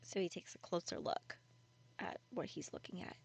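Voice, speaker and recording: A woman's voice: fairly low pitch, moderate pace, creaky, breathy edge. A woman casually retelling a creepy story in a chatty, conversational way with many fillers.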